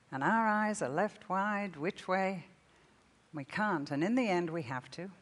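An older woman giving a sermon, telling stories with warmth and laughter. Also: fairly low pitch, expressive, unhurried. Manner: storytelling with laughter. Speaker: speaker. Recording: long reverb of a hall.

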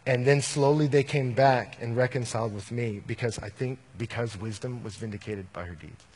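A man's voice: medium pitch, normal speed, darkish tone, breathy edge, big-room sound. A man who works as a youth minister, answering an audience question in a candid, storytelling way and often quoting scripture. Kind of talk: conversational Q&A answer.

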